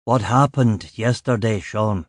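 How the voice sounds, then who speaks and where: A man voicing a stern, measured male chief inspector who speaks in a clipped, grave manner. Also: fairly low pitch, no echo, clean studio sound.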